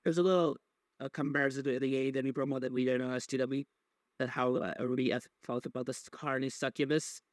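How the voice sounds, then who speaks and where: A man of middle pitch talks loosely, wandering through his points and dropping curse words along the way. He stumbles over his words, restarts sentences and leans on filler words. The sound is dry and close, with no room around it. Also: fairly even intonation, fast talker, no echo. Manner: rambling, profane, with many fillers and restarts. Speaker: podcast host. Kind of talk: casual wrestling recap chat.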